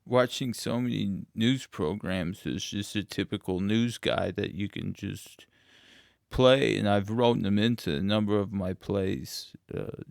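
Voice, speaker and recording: A man from Indianapolis, a playwright being interviewed, who tells absurd stories in a deadpan, matter-of-fact way. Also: fairly low pitch, gravelly, no echo, studio quality. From Indianapolis, USA. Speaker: playwright guest.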